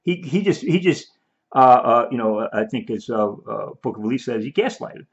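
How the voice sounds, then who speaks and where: Animated man, emphatic rambling commentary. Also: medium pitch, normal speed. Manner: emphatic, repeats and restarts, mock-quotes opponents. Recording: dull lo-fi audio.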